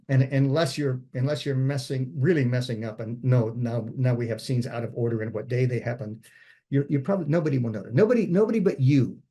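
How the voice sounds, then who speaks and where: A man with a mellow, dark-toned voice leads a relaxed writing workshop. He talks in a conversational way, thinking aloud and circling back as he explains screenwriting ideas. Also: mid-range voice. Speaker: screenwriting instructor. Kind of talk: informal writing workshop talk.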